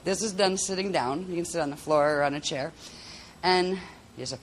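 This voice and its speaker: An instructor leads a relaxed lesson, voice sitting at an ordinary middle pitch. The talk wanders and doubles back on itself in a loose, chatty way. It is spoken into a handheld mic with faint room sound behind. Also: normal speed, slight background noise. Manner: rambling, chatty, with frequent restarts and laughter. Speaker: workshop instructor. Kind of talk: casual spoken lesson on vocal toning.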